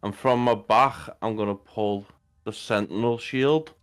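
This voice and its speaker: A man's voice: lowish voice, fairly even intonation, unhurried, smooth. A man playing a tabletop game, joking as he talks for his big brawny character. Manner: jokey, in-character bragging. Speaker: player.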